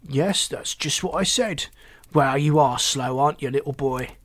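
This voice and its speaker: A man voicing a rude, pompous male frog alien in a storybook reading, slow and sneering. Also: fairly high pitch, no room sound. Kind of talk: storybook character voice.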